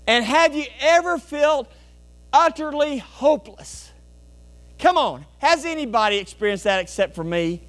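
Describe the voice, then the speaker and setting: A pastor preaching a folksy, animated sermon, asking the congregation questions and telling homey stories. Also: male voice, sits high, normal speed. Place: church sanctuary.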